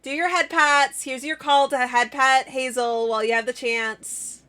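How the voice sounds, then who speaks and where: A woman's voice: sits high, fairly even intonation, unhurried, sharp tone. A young woman live-streaming in casual chat, giggly and playful, bursting into squeals and laughter.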